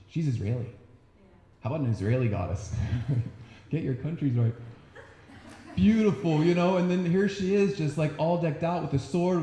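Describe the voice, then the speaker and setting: A young man giving an earnest, animated faith talk to an audience, often acting out quotes. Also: a little high, echoey room. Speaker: speaker.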